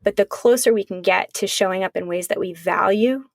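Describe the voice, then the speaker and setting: Woman, middle-aged, psychologist talking on a podcast, earnest and measured, gravelly, dry close sound. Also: medium pitch, no echo. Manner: earnest, measured, speaks in long flowing thoughts. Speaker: podcast co-host and psychologist, author guest. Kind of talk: reflective conversational podcast talk.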